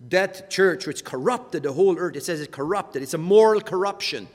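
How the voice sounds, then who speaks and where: A man's voice: sits high, expressive, moderate pace, long reverb tail. A man teaching a Bible study in a conversational way, often repeating words as he goes.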